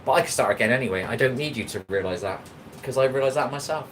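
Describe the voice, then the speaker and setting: A man's voice: medium pitch, fast, low-quality recording. An Englishman with a plain mid-range voice rambles his way through a casual cooking livestream. He chats loosely and answers his viewers' comments as he cooks. A faint bit of background noise sits under his voice. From England. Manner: rambling, chatty, talks back to chat comments. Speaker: livestream host.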